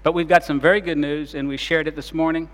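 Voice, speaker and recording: Man, pastor, sermon, dramatic swings between loud and soft, slightly high voice, long reverb. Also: little pitch movement, quick pace.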